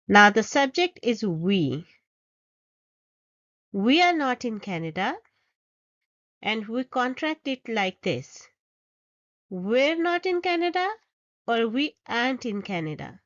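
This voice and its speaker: A woman's voice: mid-range voice, a bit bright, no room sound, highs cut off. A woman teaching English grammar, reading example sentences aloud and explaining each step patiently. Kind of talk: slow, deliberate grammar lesson.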